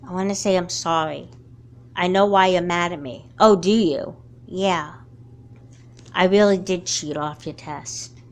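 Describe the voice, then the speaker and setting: A woman voicing a remorseful schoolgirl who quietly apologizes to her friend in a fan doll movie. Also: fairly low pitch, unhurried, lightly acted. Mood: apologetic. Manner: soft, apologetic.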